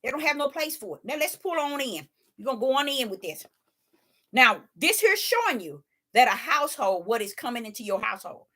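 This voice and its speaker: High, bright-voiced woman preaching. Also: big pitch swings, fairly quick. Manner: emphatic, rhetorical, with folksy dialect; repeats phrases for emphasis. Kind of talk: informal preaching to camera.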